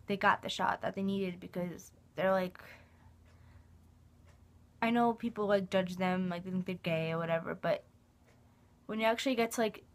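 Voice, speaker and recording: Young adult woman vlogger, rambling and emotional, chatty filler-laden delivery. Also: mid-range voice. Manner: rambling, emotional, heavy use of "like". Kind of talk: casual fan vlog.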